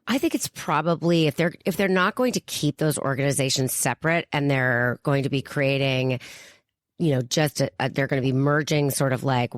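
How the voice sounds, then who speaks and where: A woman's voice: rumbling low, normal speed, no room sound, clean studio sound. An American woman co-hosting a podcast, chatting casually with lots of fillers and hedges. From United States. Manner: chatty, hedging with many fillers. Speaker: co-host.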